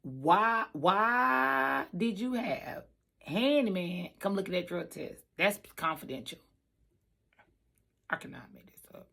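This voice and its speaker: Animated bright-voiced woman telling a story. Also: medium pitch, slow pace, creaky. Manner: animated, emphatic, repeats lines for effect. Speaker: trucker and trucking school staff. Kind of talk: casual storytelling vlog.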